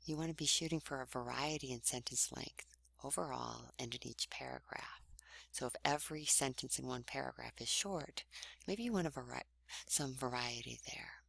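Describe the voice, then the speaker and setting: A woman, a writing instructor, giving a recorded online lecture in a conversational, explanatory way, often trailing off into breathy endings. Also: rumbling low, normal speed, a bit bright, no echo.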